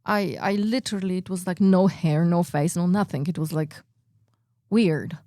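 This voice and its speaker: Animated woman. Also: lowish voice, moderate pace, no room sound, studio quality. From Poland. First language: Polish. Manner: animated, acts out her own reactions, many "like" fillers. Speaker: radio guest, performer. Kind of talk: personal storytelling in an interview.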